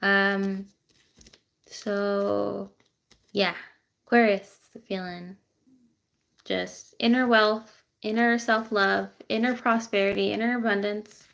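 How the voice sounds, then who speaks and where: A woman giving a casual tarot reading to viewers, chatty and excitable, with lots of fillers and asides, recorded on a phone on a tripod. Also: medium pitch, takes it slowly, gravelly, long pauses. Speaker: tarot reader.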